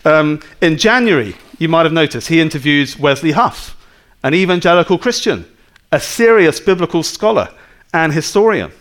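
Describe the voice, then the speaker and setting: A man's voice: fairly high pitch, animated, moderate pace, fairly bright tone. A man preaching a sermon in a conversational way, full of rhetorical questions to his listeners.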